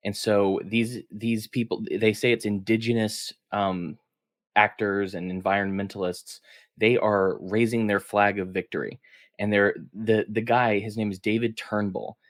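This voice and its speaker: A man's voice: lowish voice, little pitch movement, normal speed, no echo, clean studio sound. A man co-hosting a political podcast, chatting casually in an upbeat way and laughing often. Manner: upbeat, laughs often, reads headlines aloud. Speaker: podcast co-host.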